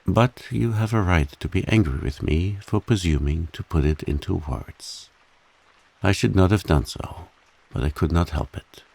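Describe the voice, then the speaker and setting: A man voicing a humble, devoted man earnestly and huskily pleading his love in a soft bedtime reading. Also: deep voice, moderate pace, creaky.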